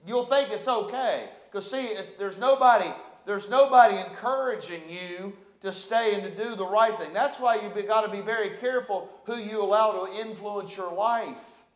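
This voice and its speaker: Man, pastor, fervent sermon, high voice, echoey church. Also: moderate pace, few pauses. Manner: fervent, repetitive, emphatic preaching.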